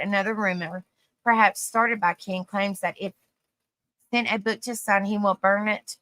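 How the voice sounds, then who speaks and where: A woman's voice: mid-range voice, sharp tone, no echo. A woman with a Southern US accent reading facts aloud on a livestream, stumbling over hard words and chatting with viewers. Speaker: host.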